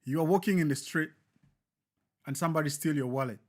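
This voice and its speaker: A man hosts a live show and talks in an emphatic, repetitive cadence like a preacher. His voice sits a little high. He drives his points home by saying them again and again. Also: fairly quick.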